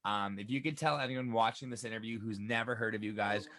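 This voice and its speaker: A man's voice: lowish voice, fairly even intonation, fast, fairly bright tone, no echo. A man co-hosting a casual band interview, asking questions in a loose, chatty way with lots of fillers. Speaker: co-host interviewer.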